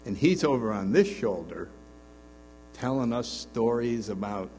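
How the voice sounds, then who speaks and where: A man speaking to a retreat group, telling stories and acting out their dialogue with lively shifts of voice. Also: medium pitch, measured pace, soft background music. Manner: animated, acts out dialogue in the stories. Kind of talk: storytelling talk to a group. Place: meeting room with an audience. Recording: long reverb, faint mains hum.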